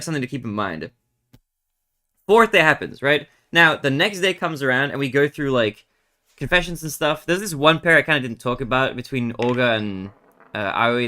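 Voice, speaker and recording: A young man, a streamer casually chatting and retelling a reality show in a rambling, animated way with lots of fillers. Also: mid-range voice. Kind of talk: casual chat while gaming.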